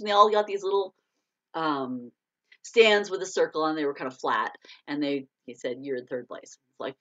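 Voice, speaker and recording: Animated American woman telling a story. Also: medium pitch, normal speed. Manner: animated, laughs often, excited bursts. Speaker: author hosting a live chat. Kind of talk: casual storytelling to a live audience. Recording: dull lo-fi stream audio.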